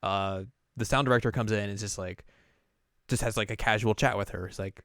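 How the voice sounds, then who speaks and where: A man with a low, smooth voice recaps an anime in a loose, rambling way, full of fillers and little acted-out quotes. The recording is close and dry, with no room sound. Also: steady tone, brisk, a bit bright, no echo. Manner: rambling, lots of fillers, acts out characters. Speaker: host. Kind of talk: casual anime recap chat.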